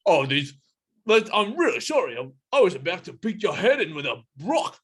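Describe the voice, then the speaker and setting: Jittery, apologetic gorilla lackey with a high voice, played by a male game master. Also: sing-song, normal speed, husky, heavily acted. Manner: stammering, fussing, apologetic.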